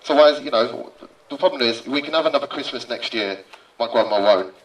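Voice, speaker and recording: A male psychiatric nurse hosting a rally, speaking haltingly and emotionally. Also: mid-range voice, roomy sound, recorded from a distance, rough recording. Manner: emotional, halting, holding back tears. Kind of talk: rally speech and speaker introductions. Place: outdoor street rally.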